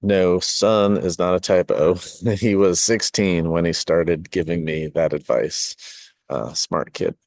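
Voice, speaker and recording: Deep-voiced middle-aged man reading his essay. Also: steady tone, slow, darkish tone, no room sound, clean studio sound. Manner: reflective, with asides and self-corrections. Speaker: podcast host and design course teacher.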